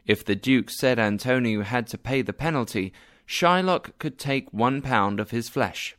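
A man narrating a story in a slow, clear, deliberate reading style. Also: mid-range voice, fairly bright tone, no echo, clean studio sound.

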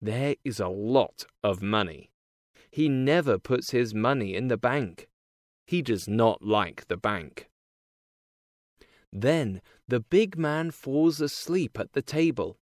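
Male narrator for easy-reader storybook, slow deliberate delivery, middle pitch, dry recording. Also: lively intonation, dry recording. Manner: slow, plain, careful reading. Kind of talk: simple storybook narration for learners.

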